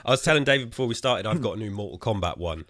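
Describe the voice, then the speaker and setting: A man's voice: on the low side, animated, rapid-fire, a bit bright. A man hosting a gaming podcast, giving teasing, jokey introductions in casual chat. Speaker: podcast host.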